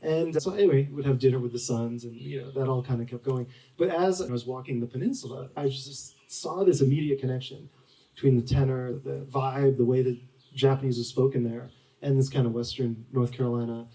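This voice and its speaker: Man in his forties, author guest at a bookstore talk; mellow, rambling storyteller, mic set back. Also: medium pitch, steady tone, brisk, distant mic, low-quality recording. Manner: rambling, full of "like" and restarts. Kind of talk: storytelling at a live book talk. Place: bookstore event.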